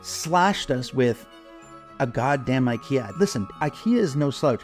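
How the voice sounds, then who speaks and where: A man co-hosting an advertising podcast, telling a story in a lively, laughing, swearing way. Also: mid-range voice, a little slow, faint music behind. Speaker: podcast co-host, advertising consultant. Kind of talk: casual chat.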